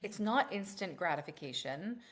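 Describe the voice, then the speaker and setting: A woman's voice: on the low side, moderate pace. A woman co-hosting a casual podcast chat. She is a mother who tells stories in a brash, profane way and acts out her own past rants in a raised voice. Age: adult with children. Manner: profane, animated storytelling. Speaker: podcast co-host.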